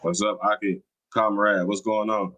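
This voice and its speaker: A man's voice: on the low side, level tone, moderate pace, bright, forceful tone, muffled recording. A man hosting a religious livestream, arguing his points and reading out viewer comments, often repeating himself. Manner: argumentative, challenging, repeats himself. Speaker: livestream host.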